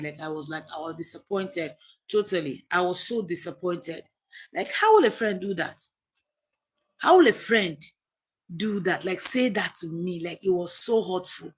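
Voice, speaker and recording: A woman's voice: medium pitch, bright, forceful tone. A woman speaks casually on a livestream. She tells a personal story with emotion, often restarting and repeating phrases as she goes. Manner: emotional, repetitive retelling with many restarts. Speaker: livestream host.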